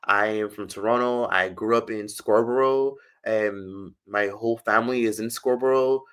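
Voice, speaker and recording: A man's voice: fairly low pitch, normal speed, fairly bright tone, smooth. A man chatting casually on a livestream, reading comments and rambling with loose, profane talk. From United States.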